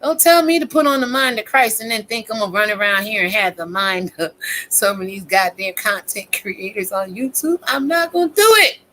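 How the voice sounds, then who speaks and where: A woman's voice: medium pitch, normal speed, pushed and bright, a little hiss or hum, rough recording. A woman content creator ranting in a casual vlog, preaching with scripture and lots of cursing. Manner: profane, preachy and fiery; quotes scripture. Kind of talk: casual commentary vlog rant.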